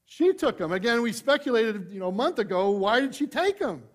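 A man preaching a sermon, shifting from loud emphasis to hushed asides, conversational with light humor. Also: extremely high pitch, very animated, a little fast. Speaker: pastor.

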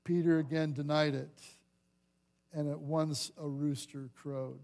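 A man's voice: on the high side, little pitch movement, unhurried, creaky, darkish tone. A man preaching a sermon as pastor, acting out the voices of the scripture scenes he reads. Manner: dramatic acting out of scripture dialogue.

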